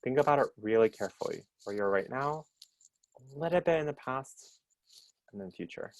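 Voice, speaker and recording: A man's voice: medium pitch, lively intonation, fairly quick, no echo. A man leading an interactive online workshop over a video call, upbeat and chatty, often checking in with the group. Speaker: workshop presenter.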